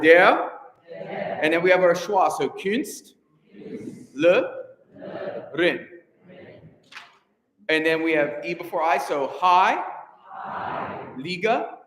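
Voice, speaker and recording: A man rehearsing a choir as conductor, coaching with energy, counting off and singing pitches to the singers. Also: lively intonation, slow, pauses often, a bit bright, a little hiss or hum. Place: rehearsal hall. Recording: echoey hall with long reverb.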